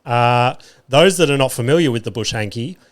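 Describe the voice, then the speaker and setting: A man's voice: medium pitch, expressive, normal speed. An Australian man hosting a podcast, telling a comic story in a profane, exaggerated rant and talking straight to his listeners. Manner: fillers and restarts, addresses listeners directly. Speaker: podcast host.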